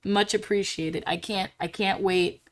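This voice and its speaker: A young woman streaming live while drawing, chatting casually and getting bubbly and squealy when excited. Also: medium pitch, measured pace.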